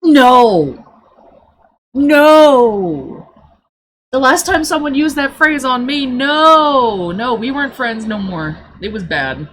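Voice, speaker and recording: A woman livestreamer telling a story in casual chat, blunt and profane, with animated delivery. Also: high-pitched, a little slow, hardly any pauses.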